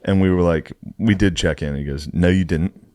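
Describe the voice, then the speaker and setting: A young man in casual podcast chat, telling an animated, profane anecdote and acting out what people said. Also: sits low, moderate pace, no echo, clean studio sound. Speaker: podcast storyteller.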